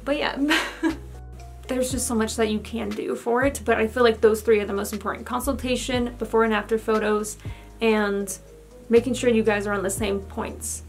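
A woman's voice: a little high, steady tone, brisk, faint music behind. A young woman giving a casual vlog update, chatty and candid with lots of fillers, a little out of breath. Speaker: vlogger.

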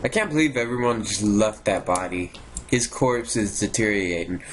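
A young man doing let's play commentary, profane and excitable, swinging between low mutters and sudden high yelps. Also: normal speed, a crowd in the background. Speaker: gaming YouTuber.

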